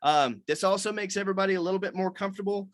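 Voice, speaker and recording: A man's voice: high voice, racing, no room sound. A man leading a writers' meeting on a video call, explaining things loosely with many fillers and restarts.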